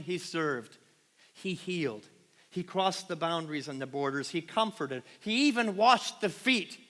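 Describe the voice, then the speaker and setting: A man preaching a passionate sermon to his congregation, swinging from loud emphatic peaks to quiet, hushed lines and often asking the room questions. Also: sits high. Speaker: pastor. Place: large church sanctuary. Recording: long hall reverb.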